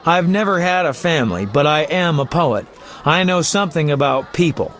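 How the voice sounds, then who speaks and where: A man's voice: on the high side, animated, moderate pace, fairly bright tone, soft background music. A man voicing a chatty, flamboyant male poet and bard who talks in a teasing, talkative way. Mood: coaxing. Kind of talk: video game voice acting.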